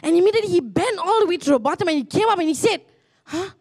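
A young woman pastor tells a testimony in a sermon, earnestly, with many restarts and rising excitement. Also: very high voice, racing.

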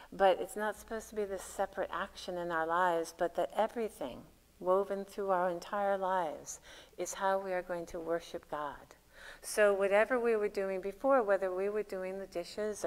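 A woman's voice: medium pitch, long reverb tail, low-quality recording. A woman pastor giving a conversational, reflective sermon with frequent fillers, recorded in a church sanctuary.

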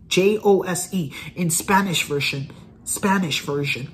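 A man's voice: sits high, a little slow, a bit bright, a little hiss or hum. Earnest man rambling to camera. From United States. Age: 30s. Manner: earnest, rambling, repeats phrases. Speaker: vlogger. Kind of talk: casual direct-to-camera vlog.

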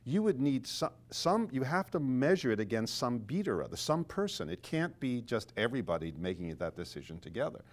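A man's voice: medium pitch, big pitch swings, a little fast, hardly any pauses. An older man, a conductor and author, explaining music with animation in conversation and singing phrases to illustrate his points.

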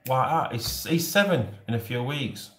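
A Yorkshire man in his forties chats loosely to viewers on a live stream, cracking jokes and laughing as he goes. His voice sits at an ordinary middle pitch and carries a roomy echo from the space around him. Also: expressive, moderate pace, a bit bright. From Yorkshire, England. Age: 40s. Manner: jokey and rambling, often laughing.

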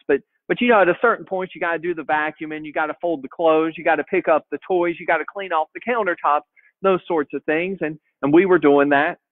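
A man's voice: a little high, dry recording. A man in his thirties, a pastor preaching a folksy, conversational storytelling sermon, often repeating his words as he goes. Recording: tinny phone-like dry sound.

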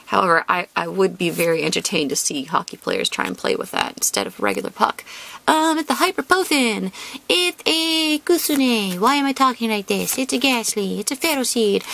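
A woman's voice: a little high, creaky, pushed and bright. A young woman chatting casually to viewers as she opens card packs, bubbly and squealing over cute cards. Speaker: card-opening vlogger.

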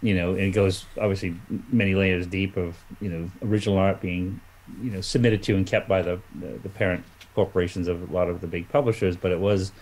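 Low voiced guy rambling about comics as a guest, lots of you knows. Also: fairly even intonation, fairly quick, a little mellow, poor audio. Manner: rambling with many fillers and restarts. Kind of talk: casual chat.

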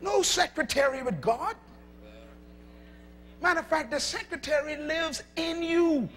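A male preacher delivering a sermon emphatically, calling out to the congregation and shouting at peaks. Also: extremely high pitch, a little slow, slight background noise. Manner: emphatic, calls to audience.

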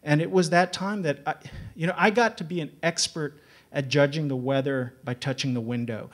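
A man from Texas, a writer on a panel, telling humorous personal stories in an animated way, laughing often and stumbling over repeated words as he starts sentences. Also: fairly high pitch, normal speed. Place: live panel event.

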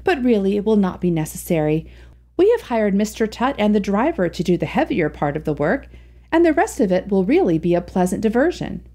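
Brief: woman reading as composed young society lady, mellow and lively, storybook. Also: medium pitch, a little fast. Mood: cool, polite.

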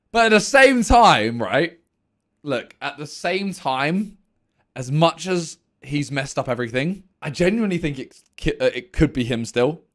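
A man's voice: medium pitch, a bit bright. A young man casually reacting to a video, thinking aloud and second-guessing himself.

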